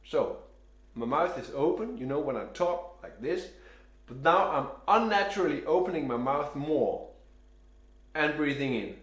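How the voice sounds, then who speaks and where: A man teaching saxophone breathing and tone, giving calm step-by-step instructions while he demonstrates each exercise himself. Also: a little high, a little slow. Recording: roomy echo.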